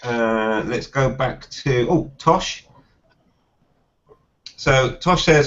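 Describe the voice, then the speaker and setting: Brief: male host of a live video-call panel chat, mid-pitched, reads viewer questions briskly, muffled lo-fi sound. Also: a bit bright. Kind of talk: casual panel chat, reading viewer comments. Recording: dull lo-fi video call audio.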